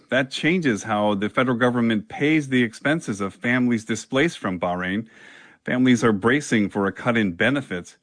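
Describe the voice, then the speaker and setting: A male reporter giving a measured news report in a plain, steady delivery. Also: mid-range voice, no room sound.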